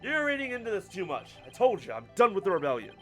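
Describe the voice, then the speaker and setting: A man's voice: high-pitched, wildly swooping pitch, fast, a bit bright, soft background music, exaggerated voice. A man voicing a cocky, evasive young male rebel in a video game, with a casual, dismissive drawl. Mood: defiant. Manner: casual, dismissive drawl, talks with mouth full.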